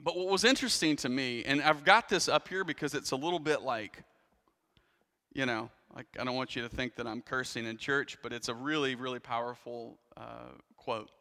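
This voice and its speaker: A man's voice: medium pitch, normal speed, vocal fry, pushed and bright, in a large hall. A man preaching a sermon in a church, telling a story in a conversational way with frequent restarts and asides. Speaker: pastor.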